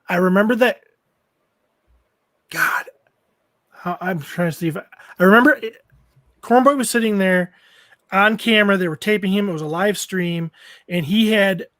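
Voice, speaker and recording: High-voiced man, halting and dry. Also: fairly bright tone, no room sound. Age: middle-aged. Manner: halting, restarts his thoughts while recalling. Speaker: podcast guest. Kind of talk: casual chat.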